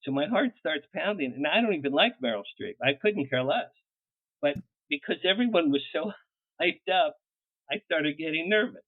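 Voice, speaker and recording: Animated older man on a tinny phone line. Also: on the high side, normal speed, dry recording. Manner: animated, laughs while telling, acts out what people said. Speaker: publicist guest. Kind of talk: anecdotal storytelling in an interview.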